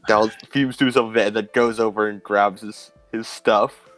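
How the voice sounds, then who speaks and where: A man playing a tabletop game, describing his character's actions in a measured, reassuring way. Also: on the low side, steady tone, fairly bright tone, soft background music. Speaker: player. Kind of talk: casual game chat.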